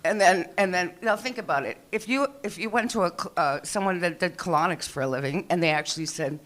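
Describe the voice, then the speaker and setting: A lowish, fairly bright female voice moves at a quick clip. She's a middle-aged stand-up comedian rambling through an open-mic set on a small club stage, chatting, swearing, and playing the people she talks about.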